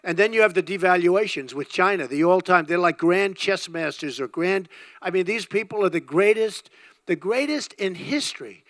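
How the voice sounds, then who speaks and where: A man's voice: high voice, expressive, normal speed, no echo. An older man giving an emphatic, rambling campaign rally speech, repeating his phrases over and over. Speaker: political candidate.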